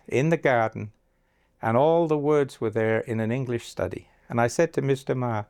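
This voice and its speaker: A man's voice: mid-range voice, darkish tone, clean tone. Older man telling stories in an interview. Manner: anecdotal, acts out quoted dialogue. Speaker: interviewee, agency founder. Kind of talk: storytelling interview.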